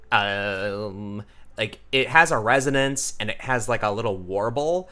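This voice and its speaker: This lowish male voice sounds bright, forceful and clean. He's a character designer and voice artist giving a casual drawing and voice tutorial, thinking aloud with lots of ums as he sketches and explains character voices.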